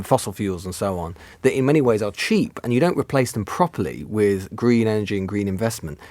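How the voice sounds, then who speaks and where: Rapid, low-voiced British political pundit. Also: male voice, darkish tone, no echo. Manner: fluent, rapid analytic explaining. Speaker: political journalist guest. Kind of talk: political analysis in conversation.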